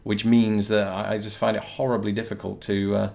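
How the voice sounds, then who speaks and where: A man's voice: fairly low pitch, level tone, a little fast, vocal fry, darkish tone. A young British man with a British English accent, hosting a casual video Q&A and answering viewer questions in a chatty, rambling way with dry, self-mocking humour. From Britain. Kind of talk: casual to-camera Q&A.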